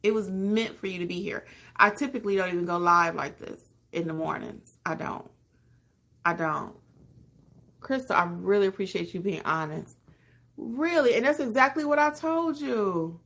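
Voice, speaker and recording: A woman hosting a live stream, reading out viewer comments and answering them in a warm, chatty, emotional way with sudden excited jumps in pitch. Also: moderate pace. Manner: calls listeners honey and hon. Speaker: podcast host.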